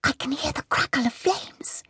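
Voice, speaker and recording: A woman voicing a terrified female medium in a trance, with a shrill, breathy whisper and pleading words. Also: animated, normal speed, sharp tone, dry recording, clean studio sound. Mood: panicked. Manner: panicked, pleading.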